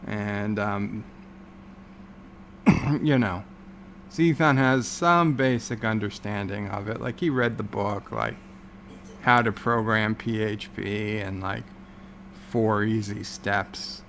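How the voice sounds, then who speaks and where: A man drifts slowly through a casual livestream chat, his voice gravelly and unhurried. He rambles with sarcastic asides and lots of filler words. A faint air conditioning hum sits behind him. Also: fairly low pitch, steady tone, fairly bright tone. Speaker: livestream host.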